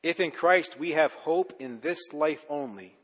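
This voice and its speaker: A male pastor delivers a sermon in a church sanctuary, his voice a little husky. He punches key words loudly, then lets phrases sink low and soft. A long reverb trails behind every line. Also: measured pace. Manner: emphatic, swinging between loud urgent stresses and low quiet endings.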